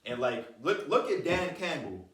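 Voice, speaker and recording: A man's voice: on the high side, very animated, unhurried, fairly bright tone. Emphatic man, echoey and distant. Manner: emphatic, slangy. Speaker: podcast co-host. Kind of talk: casual sports talk. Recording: echoey room, mic at a distance.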